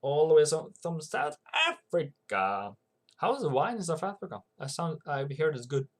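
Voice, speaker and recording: A man's voice: on the high side, big pitch swings, normal speed. A man hosting a livestream who gives rambling, casual commentary on currency markets and reads out viewer comments as he goes. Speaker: forex trading channel host.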